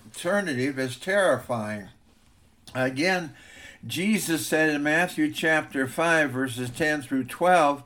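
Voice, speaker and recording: A man's voice: a little high, a bit bright. A man preaching a sermon as a pastor, reading scripture and telling stories in an earnest way. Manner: earnest storytelling preacher, reads scripture aloud.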